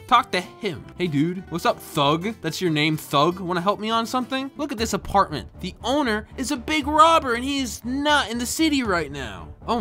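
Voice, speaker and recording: Man, gaming commentary, jokey, lively pitch, bright tone. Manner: animated, jokey, reads game text aloud. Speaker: gaming YouTuber. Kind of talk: casual gameplay commentary.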